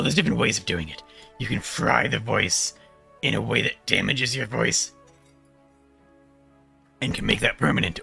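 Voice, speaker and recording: A man streaming, chatting casually about voice technique while holding a deliberately gruff, gravelly voice. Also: lowish voice, pushed and bright. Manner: talks about voice technique, loose and rambling.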